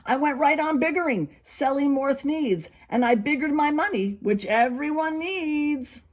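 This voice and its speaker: A preschool teacher reading a picture book aloud to young children, expressive and stopping to explain. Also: female voice, high-pitched, moderate pace.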